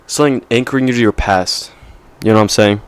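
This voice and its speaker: A man's voice: mid-range voice, quick pace, smooth. A young man vlogging in a casual, rambling monologue, peppered with slang and "right?" checks.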